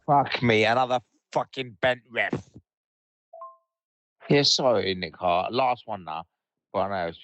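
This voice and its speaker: A man's voice: low-pitched, a bit bright, dry recording. A man from leaving angry, swearing voicemails about a football match, in short furious bursts.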